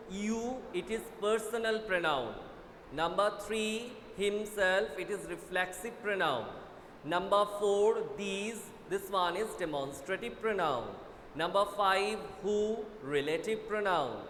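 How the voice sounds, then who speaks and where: A man with an Indian English accent teaching an online class, brisk and urging students to hurry, often repeating himself. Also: sits high, a bit bright. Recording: echoey room with faint noise.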